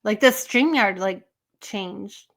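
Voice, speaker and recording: Woman streamer, unhurried speech, rambling, frequent laughs, casual chat with viewers. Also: medium pitch. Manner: rambling, laughs often, hunts for names. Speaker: live stream host.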